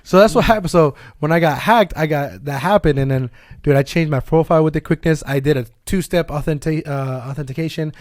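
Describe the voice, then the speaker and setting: A man co-hosting a casual gaming podcast, telling a story fast and animatedly, with swearing and laughs. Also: fairly high pitch, dry recording, clean studio sound. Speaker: podcast co-host. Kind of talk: casual chat among friends.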